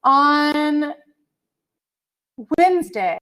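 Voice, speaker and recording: A woman's voice: high-pitched, sing-song, very slow, pushed and bright. A middle-aged woman teaching an online college English class over a computer mic, chatty and apologetic, humming to herself as she hunts for files. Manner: chatty, apologetic, hums while searching. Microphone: computer mic on a video call.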